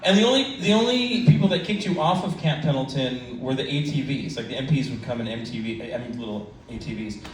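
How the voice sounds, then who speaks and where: A man's voice: mid-range voice, lively intonation, a little fast, few pauses, slight background noise. Middle-aged man rambling through crude stand-up. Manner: crude, rambling storytelling with frequent fillers. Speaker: stand-up comedian. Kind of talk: stand-up comedy set. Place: comedy club open mic. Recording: echoey club from a distance. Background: audience laughter.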